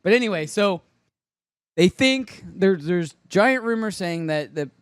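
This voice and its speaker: A man's voice: high voice, animated, measured pace, clear, resonant tone, dry recording. A man hosting a casual pop-culture podcast, talking in a rambling, hesitant way. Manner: rambling, hesitant, with many fillers and restarts. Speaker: podcast host. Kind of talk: casual chat.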